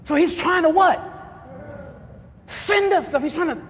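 A man preaching a sermon, asking the congregation to finish his lines and breaking into shouts. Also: very high voice, a little slow. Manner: call-and-response questions, bursts of shouting. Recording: long reverb of a large hall.

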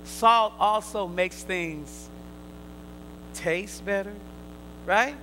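A man preaching a sermon, quizzing his listeners in call and response, swinging from loud emphatic bursts to quiet asides. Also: sits high, drawn-out words, a little hiss or hum, low-quality recording.

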